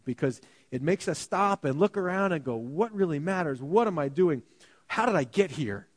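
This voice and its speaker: A male pastor giving a sermon, talking casually and animatedly, often dropping to a hushed voice. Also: a little high, in a large hall. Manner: animated, conversational preaching with sudden quiet drops. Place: church sanctuary.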